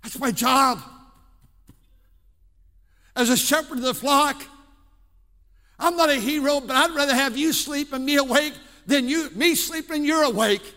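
A male pastor preaching in a church with a very high, bright, forceful voice. He swings from hushed pleading to shouting. The sound carries a long hall reverb. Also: a little slow, pauses often. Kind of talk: sermon. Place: church sanctuary.

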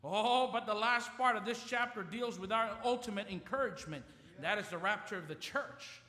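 A man's voice: sits high, moderate pace, sharp tone. A man preaching a fervent sermon in church, leading the congregation in call-and-response. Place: church sanctuary. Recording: church hall reverb.

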